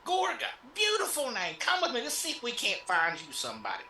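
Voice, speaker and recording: A player voicing a flamboyant male pimp who runs a tavern, drawling smoothly and calling everyone baby. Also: medium pitch, huge pitch swings, brisk, bright, forceful tone, roomy sound, pitched above the performer's own voice, full character voice. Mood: coaxing.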